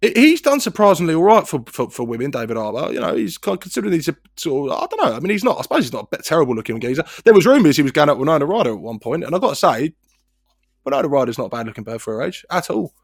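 A man's voice: fairly high pitch, sing-song, very fast, vocal fry, no room sound, clean studio sound. A man, co-hosting a podcast in casual banter, rambling, sweary and self-mocking. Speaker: podcast co-host.

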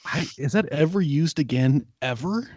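A man's voice: a little high, animated, normal speed, a little mellow, slightly rough, dry recording, lo-fi sound. A man co-hosting a podcast, casually recapping an episode with rambling asides and filler words. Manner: rambling, lots of ums and quoted asides. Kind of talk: casual chat.

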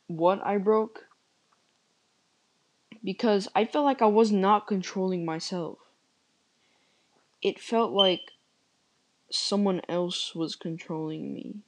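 A woman giving a mock-serious comedic confession, overly dramatic in deadpan despair. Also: mid-range voice.

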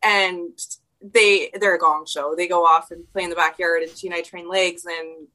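A bright, lively woman in her thirties talks as a podcast guest. She rambles through her stories in a loose, easygoing way and laughs a lot as she goes. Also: lowish voice, normal speed. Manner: chatty, rambling, laughs often. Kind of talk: casual conversation.

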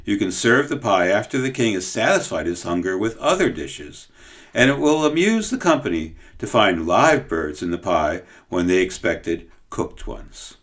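A man's voice: on the low side, sing-song, moderate pace, a bit bright. A man voicing a stubborn, kindly peasant boy who speaks earnestly and firmly. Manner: earnest and firm.

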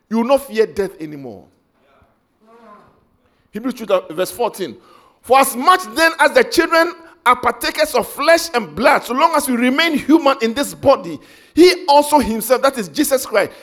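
A man's voice: very high voice, fairly bright tone. A man preaching an emotional, impassioned sermon.

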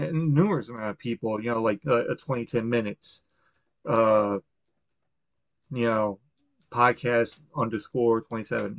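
Rambling, profane podcast host, lo-fi. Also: male voice, mid-range voice, vocal fry, no echo. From Long Island, New York. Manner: rambling and profane, with many fillers and restarts. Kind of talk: casual podcast chat. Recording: dull, lo-fi, dry sound.

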